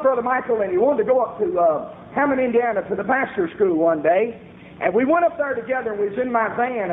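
A man's voice: high voice, roomy sound. A man from the American South with a Southern accent, preaching folksy stories with homespun humor. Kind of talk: folksy sermon with anecdotes. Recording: tinny phone-like recording with faint hiss.

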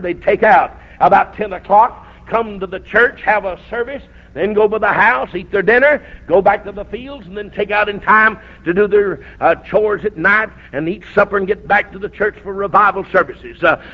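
Revival preacher, male, high voice, folksy storytelling that breaks into shouts; muffled old recording.

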